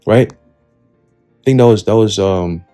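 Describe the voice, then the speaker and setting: A man with a low, mellow voice preaches in an easygoing street style. His talk is slangy and profane, and he keeps checking in with "right?" and "okay?". Faint music plays behind him. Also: takes it slowly. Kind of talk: casual street-style Bible teaching.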